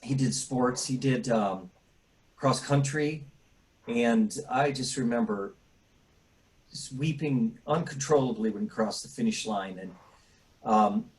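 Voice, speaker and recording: A middle-aged man, a grieving father, speaking in a halting way with many pauses and restarts, choked up and tearful at times. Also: mid-range voice, low-quality recording. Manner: halting, full of fillers and restarts. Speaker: bereaved father. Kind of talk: emotional personal interview.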